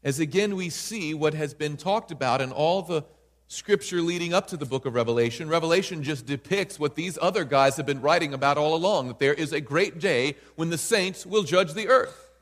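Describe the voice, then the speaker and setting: Man, preacher, high voice, emphatic, asks listeners questions, reverberant hall. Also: a little fast, fairly bright tone. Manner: emphatic, keeps asking listeners "right?". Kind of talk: Bible study sermon.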